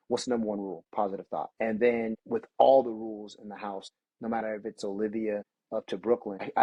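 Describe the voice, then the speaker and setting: A man's voice: on the low side, darkish tone, slightly rough, dry recording, lo-fi sound. A middle-aged man, a podcast guest, talking candidly and earnestly about raising his children, restarting his sentences as he goes. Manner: earnest, storytelling, restarts often. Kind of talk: candid reflective conversation.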